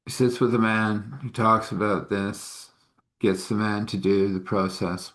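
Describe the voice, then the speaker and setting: A man's voice: fairly low pitch, little pitch movement, a little slow, fairly bright tone. A man telling a story in a casual, folksy way with chuckling asides.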